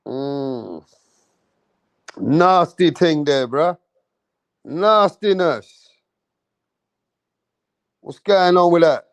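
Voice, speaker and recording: Slow-talking man on a livestream. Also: on the high side, animated, smooth, no room sound. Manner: loose, rambling, swears freely, slangy. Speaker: livestream host. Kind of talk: casual livestream chat reading viewer comments.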